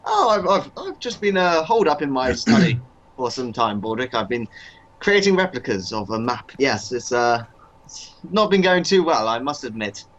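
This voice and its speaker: A man's voice: medium pitch, very animated, normal speed, a bit bright. A man voicing a fussy, posh male master who talks down in a plummy, condescending way, on a dull lo-fi recording.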